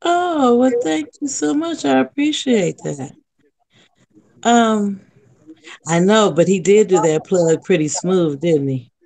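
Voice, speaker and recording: A guest from Los Angeles with a mid-range voice, chatting on a livestream. They talk politely and stay even-handed. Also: mid-range voice, slow pace, creaky. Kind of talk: casual chat.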